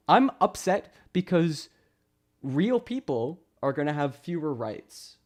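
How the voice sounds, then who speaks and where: A man's voice: on the high side, very animated, takes it slowly, darkish tone. Sarcastic man ranting on a stream. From Canada. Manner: sarcastic, mocking, laughing, putting on voices to mimic chat. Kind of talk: casual live-stream rant.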